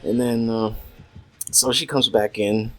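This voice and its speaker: A man's voice: medium pitch, fairly even intonation, takes it slowly, poor audio. A man telling a crude story in a casual, rambling way, full of swearing and filler words, while gaming at home. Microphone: desk USB microphone. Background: faint noise and mouse clicks.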